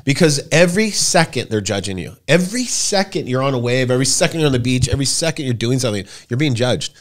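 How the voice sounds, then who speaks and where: A rambling man in his forties tells long stories on a podcast, swearing freely and throwing his voice high when he quotes friends. His pitch sits mid-range for a man. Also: fast. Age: 40s. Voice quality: profane, rambling, animated. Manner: acts out quoted voices with big pitch jumps. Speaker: podcast guest. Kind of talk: casual storytelling chat.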